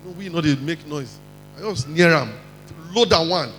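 A man with a Nigerian accent preaching a lively sermon, acting out quotes and mixing in pidgin. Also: fairly high pitch, normal speed, in a large hall, a little hiss or hum, poor audio. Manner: animated, mixes in pidgin, acts out quotes.

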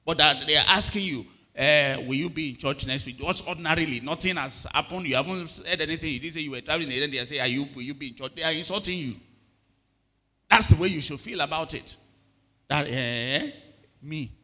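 A man's voice: on the high side, brisk, bright, forceful tone, big-room sound. A middle-aged male pastor preaching a sermon and often asking the congregation if they are hearing him. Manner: preaching with repeated call-outs to the congregation.

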